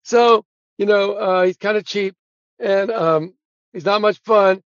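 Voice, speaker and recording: A man's voice: high-pitched, unhurried, no room sound, highs cut off. A man telling funny anecdotes as an interview guest, acting out other people's lines and laughing at his own punchlines. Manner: animated storyteller who acts out quotes and laughs at his own punchlines. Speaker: guest, sportswriter and author. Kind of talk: casual storytelling interview.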